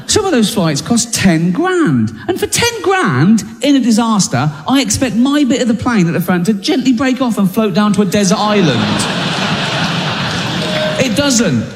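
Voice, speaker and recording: A man's voice: high-pitched, huge pitch swings, measured pace, noisy background. A man telling a self-mocking stand-up story in a dry way. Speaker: stand-up comedian. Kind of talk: stand-up routine. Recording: reverberant hall.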